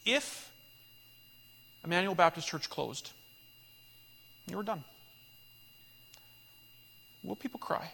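A man preaching a sermon in a high, bright, ringing voice. He tells stories earnestly and punches key lines with loud emphasis. The sound carries a long church-hall reverb. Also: unhurried, long pauses. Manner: earnest, animated storytelling with sudden loud emphatic peaks. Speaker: pastor.

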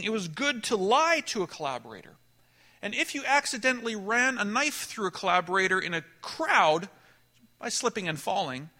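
A man preaching a sermon, telling a story with animated delivery that swings between emphatic and hushed. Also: high voice.

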